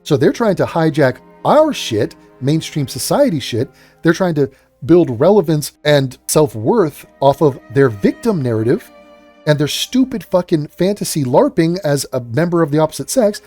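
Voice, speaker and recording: A man's voice: on the high side, very animated, moderate pace, a little mellow, soft background music. A man hosting a reaction commentary, ranting with exasperated, sarcastic and profane outbursts. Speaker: commentary host.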